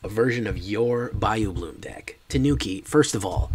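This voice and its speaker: A man's voice: lowish voice, normal speed, few pauses, slightly rough. A man streaming a card game, chatting casually and joking with his chat.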